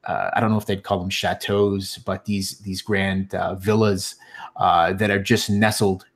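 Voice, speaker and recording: A man narrating a tabletop fantasy game as game master, halting often with ums and restarts. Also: sits low, little pitch movement.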